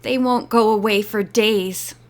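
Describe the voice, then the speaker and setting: A woman voicing a calm young sleuth. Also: mid-range voice, measured pace, close to an everyday voice. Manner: steady, sympathetic.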